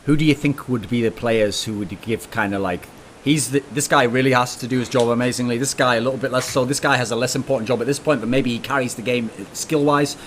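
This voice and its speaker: A man hosting an esports talk show, animated and teasing as he presses his guest. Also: medium pitch, quick pace, a little hiss or hum. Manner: animated, teasing, mock-dramatic. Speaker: podcast host.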